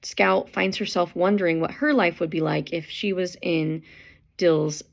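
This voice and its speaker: A woman teacher giving a casual summary of a book chapter in a low, strongly gravelly voice. She is chatty and peppers her speech with fillers, retelling scenes through quoted lines. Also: steady tone, a little slow.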